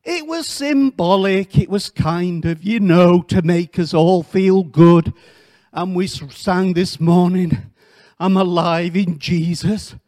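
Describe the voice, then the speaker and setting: A man preaches a sermon in a church, his voice pitched high and his delivery slow and drawn out. He keeps turning to the congregation with questions and drops in joking asides. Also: a little mellow. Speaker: missionary preacher.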